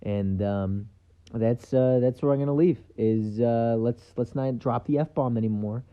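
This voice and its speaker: Speaking at a measured pace with a medium pitch, a podcast host delivers a casual monologue on his own show. He's loose and rambling, full of fillers and offhand remarks, and the recording sounds dull.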